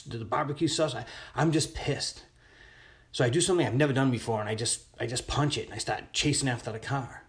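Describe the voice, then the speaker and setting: A man telling a long personal story in a casual voice message, rambling with many restarts. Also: mid-range voice.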